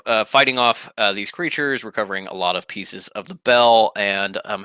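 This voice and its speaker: A young man narrating as game master, halting with many fillers. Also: fairly low pitch, pushed and bright, smooth, dry recording.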